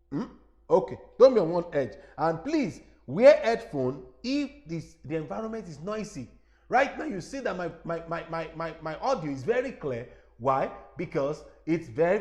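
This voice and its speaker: Nigerian evangelist, middle-aged, high voice, lively webinar teacher on a lapel mic, keeps asking if you understand. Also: male voice. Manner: animated, repeats himself, addresses listeners directly.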